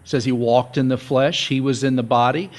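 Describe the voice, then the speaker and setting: A man's voice: mid-range voice, steady tone, fairly quick. Conversational male pastor preaching. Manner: conversational, joking, repeats key points. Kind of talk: sermon. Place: church sanctuary.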